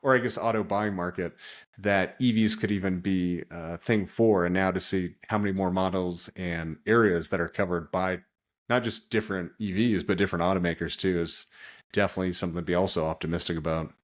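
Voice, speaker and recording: A man hosting a casual podcast interview, relaxed and loose, often saying "kinda" and "like". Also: deep voice, a little fast. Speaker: podcast host.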